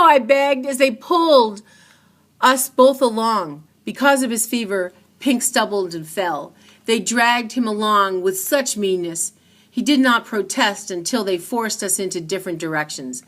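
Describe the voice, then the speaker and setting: A woman reading a children's book aloud in an earnest, expressive storytelling manner. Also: medium pitch. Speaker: reader.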